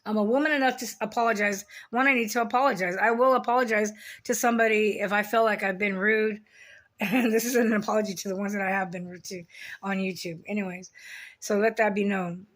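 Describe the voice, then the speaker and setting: A woman's voice: mid-range voice, steady tone, brisk, a bit bright. A middle-aged woman talking to camera in a casual confessional monologue, blunt and rambling, swearing heavily as she restarts her sentences. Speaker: vlogger.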